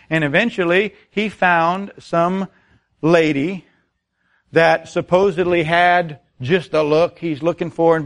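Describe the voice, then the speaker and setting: A man's voice: a little high, a bit bright. A middle-aged man preaching a sermon, telling stories and asking the congregation rhetorical questions. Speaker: pastor.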